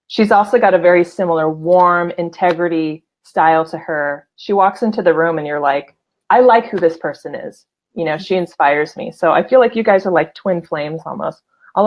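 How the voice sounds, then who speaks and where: A woman hosts a live-streamed chat with a casual, bubbly manner, laughing easily and calling out to viewers by name. The sound is a little dull and lo-fi. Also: lowish voice. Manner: chatty, laughs often, gushing shout-outs to viewers. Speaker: host of a live show.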